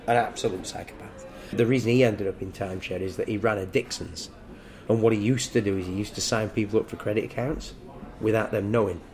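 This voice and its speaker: A man's voice: fairly low pitch, a little mellow. An older man telling stories in casual podcast chat, crude, profane and joking. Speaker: guest storyteller.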